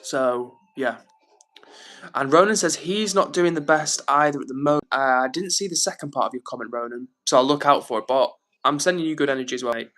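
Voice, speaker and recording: A man hosting a live stream, chatting casually and reading viewer comments aloud in a gentle, reassuring way. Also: mid-range voice, a little fast. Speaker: livestream host reading chat.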